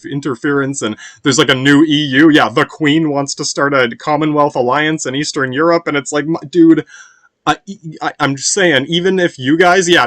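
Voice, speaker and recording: A man hosting a podcast, rambling in a casual monologue, swearing often and filling every pause with "yeah". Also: medium pitch, fairly bright tone, dry recording. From United States. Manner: meandering, profane, constant "yeah" fillers. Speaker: podcast host.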